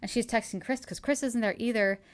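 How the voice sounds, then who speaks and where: A woman hosting a book podcast, retelling a novel's plot in a casual, animated way and acting out the characters' quotes. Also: fairly high pitch, brisk. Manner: animated retelling, acts out quotes, laughs often. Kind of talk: casual book recap chat.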